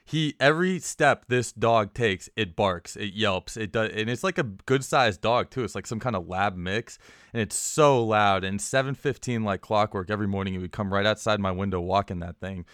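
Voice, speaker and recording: Low, dry-sounding man telling a story. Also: moderate pace, fairly bright tone, no echo. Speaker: podcast producer. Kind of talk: casual chat.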